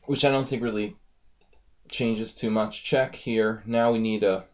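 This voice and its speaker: A man's voice: fairly low pitch, steady tone, a little slow. A man coaching chess on a live stream, casually analyzing viewer games and thinking aloud as he talks to his audience. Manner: thinks aloud, chatty, addresses viewers directly.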